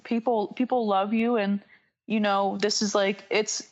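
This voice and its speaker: Podcast guest: woman with a North Carolina Southern accent, casual and halting, mid-range voice. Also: mid-range voice, level tone, darkish tone, muffled recording. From North Carolina, USA. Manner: rambling and halting, full of "like" and "um".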